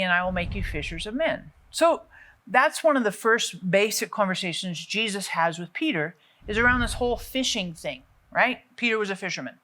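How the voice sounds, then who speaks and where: A woman in middle age teaches from the Bible in a relaxed, conversational way. Her voice is bright and clear, at an ordinary pitch. She tells the story with animation and acts out what the people in it say. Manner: lively storytelling, acting out quotes.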